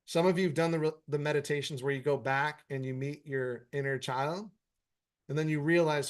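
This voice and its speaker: A man's voice: fairly high pitch, steady tone, moderate pace. Man, meditation teacher, informal live Q&A, blunt and profane but encouraging. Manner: frank, profanity-laced, encouraging. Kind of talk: casual live Q&A, reading viewer comments.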